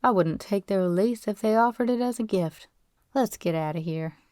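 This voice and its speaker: A woman's voice: mid-range voice, moderate pace, a little mellow, no echo, studio quality, close to an everyday voice. A woman voicing a brusque, impatient oil-man father who speaks in clipped country speech.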